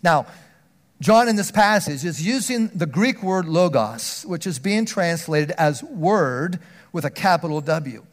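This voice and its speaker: A man preaching a sermon, earnest, often restarting words, swinging from loud emphatic stretches down to a near hush. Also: on the high side, expressive, unhurried.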